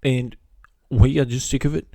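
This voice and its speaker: A man's voice: medium pitch, steady tone, moderate pace, vocal fry, dark tone, no room sound, voice pushed up, natural voice. A man putting on the voice of an upset mother speaking out in a video, indignant and emphatic.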